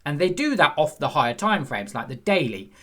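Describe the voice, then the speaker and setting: Very animated and a little fast, a man with a fairly high, sharp voice gives a screen-share chart lesson on forex trading. As the instructor, he speaks conversationally, quizzes the viewer, and plays out a frustrated trader's inner voice.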